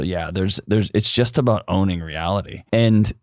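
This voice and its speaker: A man's voice: sits low, a little slow, no room sound, studio quality. A man, a podcast guest telling personal stories and acting out the voices of the people in them. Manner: animated storyteller, acts out quoted voices. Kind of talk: storytelling conversation.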